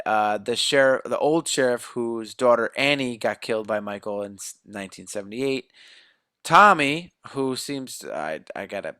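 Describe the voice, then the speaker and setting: A man's voice: medium pitch, bright, forceful tone, smooth, dry recording, clean studio sound. A man co-hosting a podcast, casually recapping a horror movie's plot in a rambling, joking way. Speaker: podcast co-host. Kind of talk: casual movie review chat.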